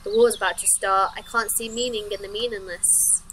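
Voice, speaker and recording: A woman's voice: mid-range voice, steady tone, brisk, fairly bright tone, slight background noise, lightly acted, rough recording. A woman voicing a very old, playful creature in a horror game who speaks in rhymes. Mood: mysterious. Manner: sing-song rhyming speech.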